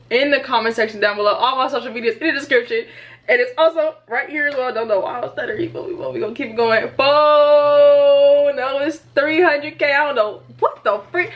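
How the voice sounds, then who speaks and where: A woman in her twenties hosting a reaction vlog, chatting casually and playfully to her viewers with plenty of informal slang. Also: medium pitch. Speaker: YouTube reaction host. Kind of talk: casual outro chat to viewers. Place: indoors at home, sunlit room.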